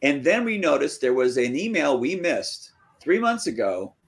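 A man, a fantasy author, casually telling the story of his writing career in an interview, acting out quoted dialogue with lively jumps in pitch. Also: moderate pace, creaky.

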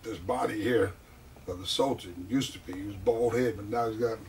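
A man telling stories from his wrestling career in a casual interview, animated and often laughing. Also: on the low side, normal speed, recorded from a distance, slight background noise. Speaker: guest, wrestler.

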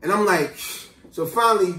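Animated man telling a story, high lively voice. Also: fairly quick. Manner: animated, street-slang storyteller who breaks into asides and acted quotes. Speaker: vlogger. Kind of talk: casual storytelling to camera. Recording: roomy, distant mic.

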